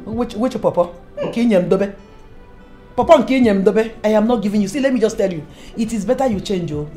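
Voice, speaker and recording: A woman's voice: medium pitch, expressive, fast, dark tone, soft background music, lightly acted. A woman with a Nigerian accent playing an insistent mother scolding her son. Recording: echoey room.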